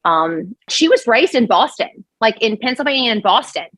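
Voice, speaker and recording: A woman from Louisiana with a Cajun accent, a podcast guest telling a story in an animated, rambling way. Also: on the high side, brisk, hardly any pauses, breathy edge, no echo, rough recording. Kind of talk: casual storytelling chat.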